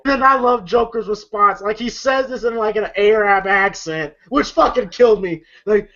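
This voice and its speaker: A man's voice: high-pitched, normal speed, few pauses, pushed and bright, highs cut off. A man hosting a casual film review chat, retelling scenes in a rambling way full of fillers. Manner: rambling, lots of fillers and laughter. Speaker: podcast host, film reviewer.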